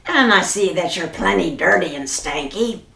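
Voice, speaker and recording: A woman voicing a gruff, bossy male pirate captain who bellows in pirate slang in a children's storybook reading. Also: on the low side, animated, normal speed, pushed and bright, echoey room, exaggerated voice. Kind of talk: storybook read-aloud for children.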